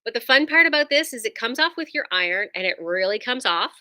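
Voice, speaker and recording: A woman's voice: fairly high pitch, lively intonation, fast, pushed and bright. A woman who runs a quilt shop, chatting enthusiastically through a casual product demo with lots of ums and likes.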